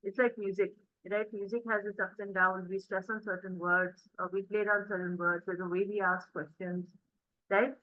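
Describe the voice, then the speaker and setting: A woman's voice: medium pitch, little pitch movement, normal speed, no room sound, narrow, tinny audio. Woman teaching spoken English online. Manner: encouraging, explanatory, many fillers. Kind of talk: interactive online class.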